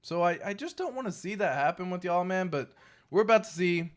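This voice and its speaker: A fired-up man hosting a crypto livestream with a fairly high voice. He swears freely and hammers his points home by repeating them. Between warnings he drifts into loose, chatty asides to the chat. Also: normal speed. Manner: emphatic and animated, swears freely; cautionary, repeats points for stress. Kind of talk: casual livestream talk, reading chat.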